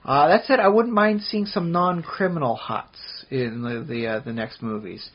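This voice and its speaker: A podcast co-host with a slightly high, husky voice speaks at a moderate pace with a steady tone. His casual chat rambles along, full of fillers and restarts, on dull lo-fi podcast audio.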